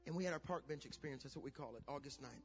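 A middle-aged pastor telling a family story in a sermon, building from quiet storytelling to shouted preaching. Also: male voice, mid-range voice, racing, soft background music. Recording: dull lo-fi sound.

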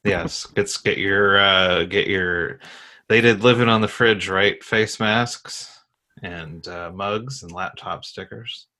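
A man with a fairly low yet bright, forceful voice delivers deadpan jokes in casual podcast banter. His tone stays dry and matter-of-fact. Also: slow pace.

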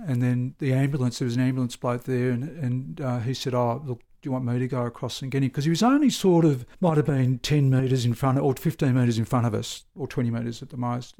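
An Australian man, a former police sergeant, recounting events in a conversational interview, halting and correcting himself as he goes. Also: medium pitch, vocal fry, dark tone. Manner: halting, self-correcting, with frequent restarts and fillers. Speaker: former police sergeant telling his story.

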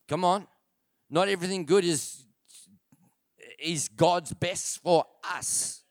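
Male pastor, emphatic sermon delivery, fairly high and crisp voice, repeats for stress, rhetorical questions. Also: no echo, clean studio sound. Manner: emphatic preaching, repeats key phrases for stress; rhetorical questions with calls to the congregation. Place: church.

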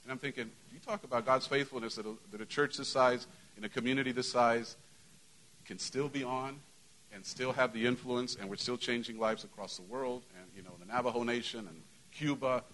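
A man's voice: mid-range voice, a little fast, fairly bright tone, rough recording. A middle-aged man, a pastor, giving church announcements to his congregation in a conversational way, full of "you know" fillers. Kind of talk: church announcements and sermon opening. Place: church sanctuary.

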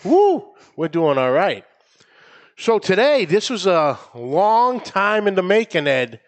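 A man's voice: fairly high pitch, animated, unhurried. A man with a New England accent hosting a barbecue podcast in a studio, upbeat and playful, laughing often. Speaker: podcast host. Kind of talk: casual podcast chat.

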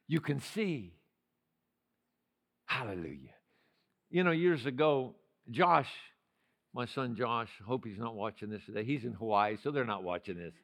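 An older male pastor preaching a sermon in a church, swinging from loud shouted passages to quiet, conversational storytelling. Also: mid-range voice, gravelly. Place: church sanctuary.

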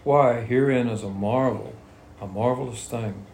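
A man's voice: mid-range voice, measured pace, a little mellow, a little hiss or hum. A man leading a Bible study, reading verses aloud and explaining them in plain, conversational talk. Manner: reads scripture then explains it in plain talk. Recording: echoey room with faint ambience.

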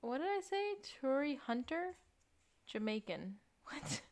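A woman co-hosting a casual podcast with a fairly high voice and an unhurried pace. She laughs easily and often between remarks while recapping an episode with her friend. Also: very animated, darkish tone. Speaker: podcast co-host.

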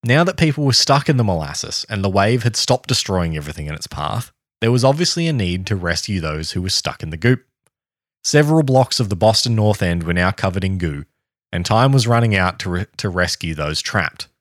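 Male podcast host reading a history story, low and animated pitch, dry close mic. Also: fairly quick, dry recording.

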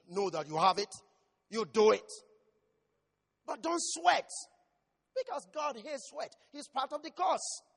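High-voiced preaching pastor in a hall. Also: male voice, breathy edge. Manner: preaching with bursts of shouting; asks the congregation questions. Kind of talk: sermon.

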